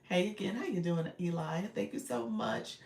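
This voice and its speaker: A woman's voice: lowish voice, sing-song, normal speed, vocal fry, darkish tone. A woman, coaching casually on a live stream, reading viewer comments, laughing often and calling her audience y'all. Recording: roomy echo, a bit far from the mic.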